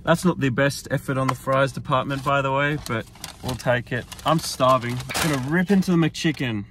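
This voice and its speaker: A man's voice: mid-range voice, moderate pace, noisy background. A young man with an Australian accent hosting a casual sports vlog, upbeat and jokey. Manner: upbeat, jokey, self-deprecating. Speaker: sports vlogger host. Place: car and outdoors around a stadium.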